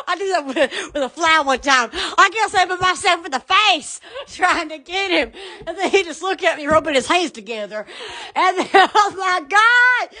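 A woman's voice: very high-pitched, sharp tone. A woman chatting casually on a live stream from her phone, giggling, squealing and rambling. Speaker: shop owner streaming live.

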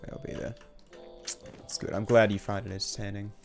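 A young Australian man giving live commentary on his own gameplay as a streamer, reacting aloud with slang and quick laughs. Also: fairly low pitch, little pitch movement, vocal fry, over music. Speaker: game streamer.

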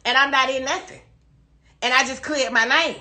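A woman's voice: sits high, normal speed, bright, forceful tone. A woman crying while she rants defensively and profanely on a phone livestream, repeating herself. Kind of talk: emotional live-stream rant.

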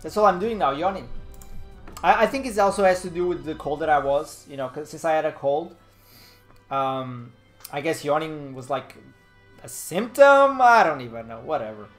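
A man's voice: fairly high pitch, animated, normal speed, faint music behind. A young man chatting casually on a live stream, rambling and laid-back, still a little nasal from a cold. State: slightly nasal from a fading cold.

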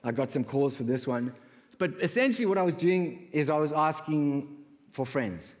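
A man with a South African accent tells stories at a conference, keeping the tone light and humorous. His voice sits a little high. A long reverb from the large hall trails after his words. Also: animated, moderate pace. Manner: humorous, acts out callers' voices with big pitch jumps. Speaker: conference speaker. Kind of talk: storytelling keynote talk.

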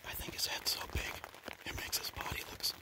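A man whispering excitedly in a hunting vlog from a blind outdoors, shaking with adrenaline, recorded on a handheld camera. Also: brisk. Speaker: bear hunter.

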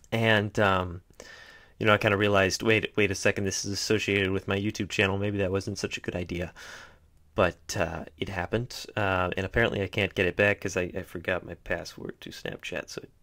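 A young man with a fairly low voice rambles through an unedited vlog. He is chatty and self-mocking, and his words often drift off into quiet asides. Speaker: vlogger.

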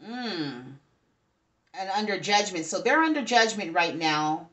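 A woman reads tarot casually for her viewers in an expressive, medium-pitched, fairly bright voice, going a little slowly. She's chatty, speaking to the spirits and the audience and frequently asking "okay?"

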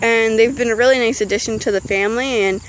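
A woman's voice: a little high, fairly even intonation, quick pace, a little hiss or hum, rough recording. A teenage girl chatting casually outdoors beside an animal pen, rambling with frequent ums. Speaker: vlogger. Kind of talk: casual chat.

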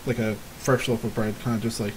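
A man's voice: lowish voice, flat delivery, quick pace, slight background noise, poor audio. A man running a tabletop game as game master, narrating in a hesitant way with many fillers.

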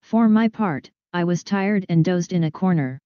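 Woman audiobook narrator, lowish mellow voice, measured delivery, dull dry lo-fi sound. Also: dry recording. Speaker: audiobook reader. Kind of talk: scripted narration of a detective story.

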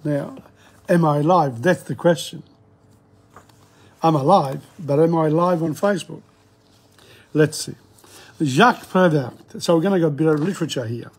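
A man with a husky voice teaching a live language lesson, reading French passages aloud and retelling them in English. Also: on the high side, normal speed, long pauses.

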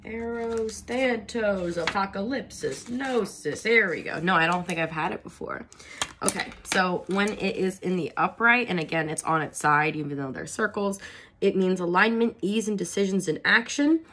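A woman's voice: mid-range voice, moderate pace, background noise. A woman with a stuffy, nasal voice from a cold, giving a chatty tarot reading and calling listeners darling. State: congested with a cold. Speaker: tarot reader.

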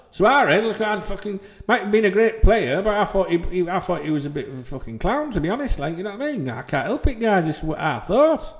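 A man's voice: high voice, sing-song, brisk, few pauses. Sweary ranting football vlogger man. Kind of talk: ranting vlog to subscribers. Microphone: desk microphone.

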